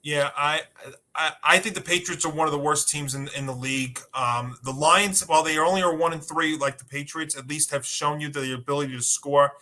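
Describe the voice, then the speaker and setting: Bright-voiced man talking football picks. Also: fairly high pitch, fairly even intonation, a little fast. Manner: conversational, many fillers, confident picks. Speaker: sports podcast co-host. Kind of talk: casual sports betting talk.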